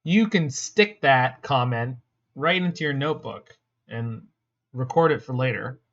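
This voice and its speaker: A man with a mid-pitched voice talks through his card game in a loose, wry way and throws jokes back at his chat. His voice comes through a slightly dull, lo-fi mic. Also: unhurried, a bit bright. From Canada. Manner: wry, joking, answers chat. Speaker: streamer. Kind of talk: casual gameplay commentary.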